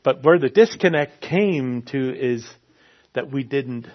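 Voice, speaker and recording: A man preaching a sermon with an earnest, repetitive delivery. His voice sits at a middle pitch. The recording is slightly dull and lo-fi. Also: animated, slow pace. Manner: earnest, repeats phrases for emphasis.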